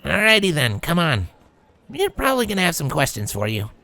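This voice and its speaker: A man's voice: fairly high pitch, huge pitch swings, brisk, gravelly, pushed and bright, voice pushed up, heavily acted. A man voicing a brash, blunt young pegasus mare in a fanfiction reading, with a raised, teasing voice. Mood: breezy.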